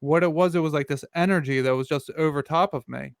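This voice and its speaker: A man's voice: fairly high pitch, fast talker, gravelly, smooth, no room sound, clean studio sound. A man hosting a podcast, responding in an earnest, reflective way and often restarting his sentences. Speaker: podcast host. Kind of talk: casual interview chat.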